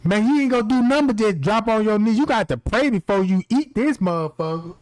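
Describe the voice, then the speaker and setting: A man with a country-sounding voice hosting a stream, ranting in a brash, profane, animated way. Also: high-pitched, a little fast, no room sound. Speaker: livestream host. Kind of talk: casual ranting commentary.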